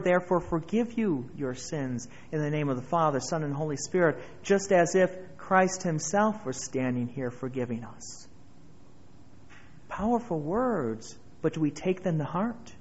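A male pastor delivers an earnest sermon in a fairly high voice. He swells louder on key phrases. The recording is muffled and dull. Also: expressive, normal speed.

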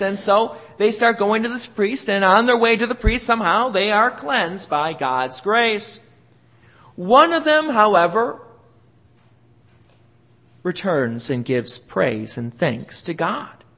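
Animated, bright-voiced male preacher. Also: sits high. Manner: emphatic preaching with dramatic swings in emphasis. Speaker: pastor. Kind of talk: sermon.

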